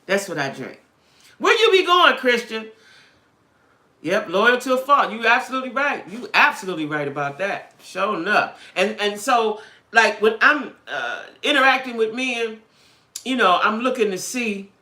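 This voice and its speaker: Recorded in a reverberant space, a woman speaks at a moderate pace in a slightly high, sharp-toned, animated voice. Hosting a live dating chat for her viewers, she's blunt and streetwise and keeps tossing in "right?" and "you know what I'm saying?"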